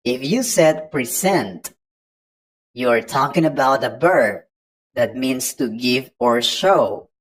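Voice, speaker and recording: Woman English tutor, very low voice, slow and patient, walks learners through each point. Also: lively intonation, rough recording. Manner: patient, explains step by step to the learner. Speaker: English teacher. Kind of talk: online pronunciation lesson.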